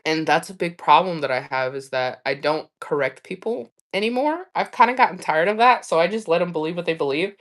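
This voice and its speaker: A woman's voice: on the low side, expressive, a little fast, few pauses. Candid, swearing woman livestreamer, rambling. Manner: candid, swearing, laughing often, chatty storytelling. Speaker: livestream host. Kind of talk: casual livestream chat.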